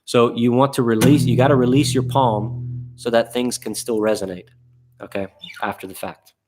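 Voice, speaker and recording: A man's voice: medium pitch, steady tone, normal speed, darkish tone, a little hiss or hum. A man teaching a live online guitar class in a casual, rambling way, with many fillers and restarts.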